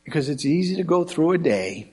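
A middle-aged American man preaching as a pastor. He tells anecdotes in an animated way, acting out the quoted dialogue as he goes. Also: on the high side, brisk, breathy edge. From United States. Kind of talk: sermon with storytelling.

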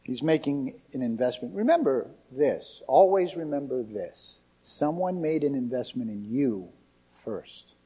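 A man's voice: mid-range voice, lively intonation, measured pace, breathy edge, lo-fi sound. Man preaching an emphatic sermon. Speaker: pastor.

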